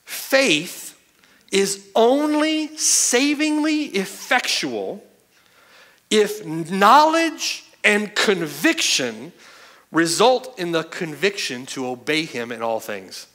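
A man delivers a sermon from the pulpit in a high, bright voice that leaps and falls with emphasis. He drives home each point and checks with his listeners as he goes. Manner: emphatic, asks the hearers "right?" and "okay?" often. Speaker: pastor. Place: church sanctuary.

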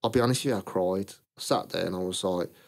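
A man's voice: low-pitched, fast, creaky. A British man, a brand founder, casually tells his story in an interview, acting out old conversations and laughing at his own punchlines. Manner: lively, acts out both sides of past conversations. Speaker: clothing brand founder, podcast guest.

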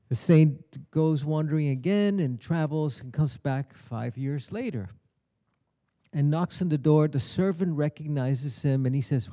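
A middle-aged man speaks at a conference keynote with a sharp, strained brightness to his tone and a slightly high pitch. He teaches in a storytelling way and briefly acts out the voices in his parable. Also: a little slow. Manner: storytelling, acts out the characters' lines. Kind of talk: spiritual teaching talk. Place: conference hall.

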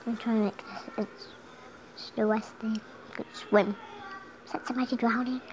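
A chatty, giggly young girl talks through her game from her room at home, her voice a little high. She drifts into humming now and then. A faint hum of household noise sits behind her. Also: little pitch movement, normal speed, a little mellow, rough recording. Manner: chatty, giggly, sings and hums along. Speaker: gameplay commentator. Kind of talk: casual gameplay commentary.

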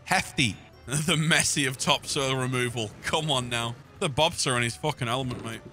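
A man's voice: medium pitch, moderate pace, sharp tone, faint music behind. A young man joking and swearing through a co-op game, calling everyone mate. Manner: jokey, swears a lot, calls everyone mate. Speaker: gaming channel host. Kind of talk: casual gaming banter.

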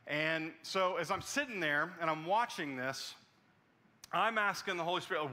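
A male pastor with a bright, ringing voice that sits a little high. He preaches in an earnest storytelling way, often sinking to a near hush for the tender moments. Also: animated, moderate pace. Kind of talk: sermon.

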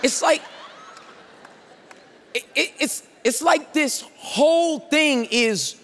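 A male pastor preaching at a conference, emphatic, shouting out scripture and slowing down for key points. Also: very high voice, a little hiss or hum. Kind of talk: conference sermon.

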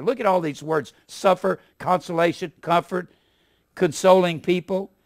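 A man preaching a sermon in a folksy, animated way, swinging from loud emphasis to quiet asides. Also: high-pitched, normal speed, no echo, clean studio sound.

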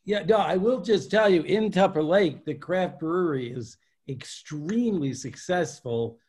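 A man joining an online class with chatty, joking remarks. His voice is high and swings a lot, slow and a bit husky. He sounds far from the mic on the call. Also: animated, a little mellow. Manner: chatty, joking, laughs easily. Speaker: class participant.

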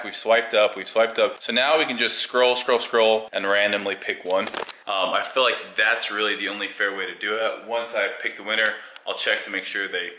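A man's voice: fairly low pitch, sharp tone. A young man chatting casually to camera in a playful, teasing vlog. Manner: playful, teasing, laughs a lot. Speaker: vlogger. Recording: echoey room, faint noise.

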